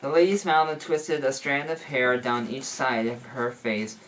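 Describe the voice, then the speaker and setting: A man's voice: medium pitch, steady tone, normal speed, distant mic, noisy background. Man reading a story with slips. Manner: unpolished, stumbles and fixes his words. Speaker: story reader. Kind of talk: reading fan fiction aloud.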